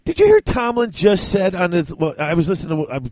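A man co-hosting a podcast with a fairly high voice that swoops up and down as he talks. He is animated and laughs a lot. The sound is dry, with no room echo. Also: brisk. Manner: animated, laughs often, acts out movie quotes. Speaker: podcast co-host. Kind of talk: casual chat.

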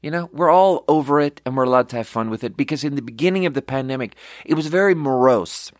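A man's voice: mid-range voice, quick pace, no echo, clean studio sound. A young man rambling candidly through personal stories on his podcast, swearing freely. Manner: candid, swearing, storytelling with quoted voices. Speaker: podcast host. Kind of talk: casual rambling monologue.

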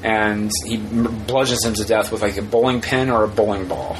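A man co-hosting a podcast in casual chat, rambling and animated, often acting out quotes. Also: fairly low pitch, moderate pace, noisy background. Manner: rambling, animated, acts out quotes in put-on voices. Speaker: podcast co-host.

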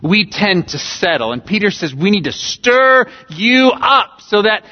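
A man's voice: sits high, sing-song, measured pace. A man from California preaching a sermon as pastor, emphatic, repeating key phrases and using humorous everyday illustrations, in a church sanctuary. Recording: dull recording with long hall reverb.

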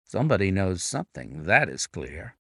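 A man voicing a calm, imperturbable middle-aged detective with a composed, dry manner. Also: low voice, normal speed, creaky, dry recording, pitched below the performer's own voice, full character voice.

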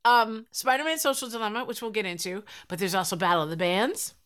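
A woman hosting a casual chat show, animated and laughing often. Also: medium pitch, a little fast, clear, resonant tone. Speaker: host.

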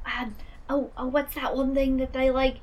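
A woman in playful, improvised comedic banter, quick to agree and tease. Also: high-pitched, level tone.

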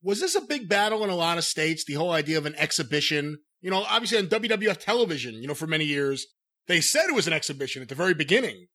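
Lively high-voiced man asking questions. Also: quick pace. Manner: curious questioner, laughs along. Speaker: podcast host. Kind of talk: casual chat.

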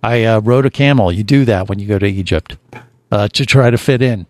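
A man's voice: lowish voice, brisk, no echo. A man hosting a casual podcast chat, rambling with lots of fillers and restarts. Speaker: podcast host.

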